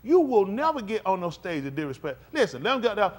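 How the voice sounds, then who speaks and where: A man's voice: high voice, fast. A man preaching a live-streamed sermon in an emphatic, conversational style, drawing call-and-response from his congregation. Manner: animated, swings between quiet and loud.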